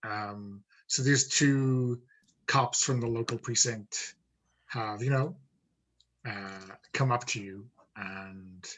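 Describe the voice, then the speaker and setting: A man running a tabletop game as game master, relaxed and easygoing. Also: lowish voice, slow pace, rough recording. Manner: relaxed, easygoing, hesitant with fillers.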